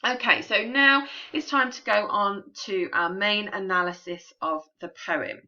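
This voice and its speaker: A woman teacher with a bright, forward, mid-range voice explains a poem at a measured pace for a recorded remote lesson. She's clear and patient in a classroom way, with plenty of ums, and the audio sounds slightly dull and lo-fi, like a home recording.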